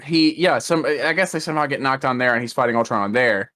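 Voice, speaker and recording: A man's voice: mid-range voice, fast talker, bright, forceful tone, no room sound. A man co-hosting a podcast, retelling film scenes in casual chat, full of fillers and restarts. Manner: rambling, lots of fillers and restarts. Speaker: podcast co-host. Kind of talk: casual movie-recap chat.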